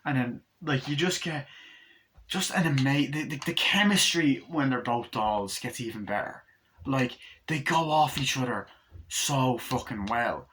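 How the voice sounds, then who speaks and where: Excited guy rambling through a movie review, swears a lot, bright tone. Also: mid-range voice, unhurried, slight background noise. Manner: enthusiastic, rambling, swears often. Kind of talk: casual movie review talk.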